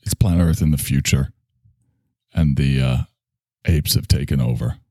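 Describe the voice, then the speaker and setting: A man's voice: rumbling low, normal speed, a little mellow, dry recording. A man in his sixties who hosts a show, rambling through a crude, joking solo monologue that keeps trailing off.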